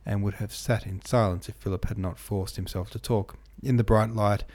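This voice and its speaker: Low, mellow male audiobook narrator. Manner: steady, measured reading with small slips. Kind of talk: reading a classic novel aloud.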